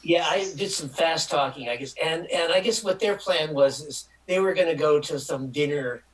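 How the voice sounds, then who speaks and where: An older man from Michigan, appearing as an interview guest, spins a long, rambling anecdote and acts out the voices of the people in it. His voice sits on the high side and moves at a normal speed, and the recording quality is low. The tone is casual and animated.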